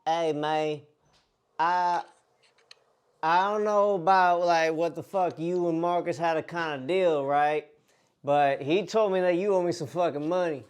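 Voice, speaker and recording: A man playing a foul-mouthed tough guy who leans on a stranger for money, swearing in nearly every sentence. The voice sits high for a man and comes through a podcast mic. He keeps pushing and never lets up. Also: a little slow, clear, resonant tone, natural voice. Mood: pushy. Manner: profane, pushy, escalating. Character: aggressive man threatening a stranger over a debt. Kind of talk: prank phone call.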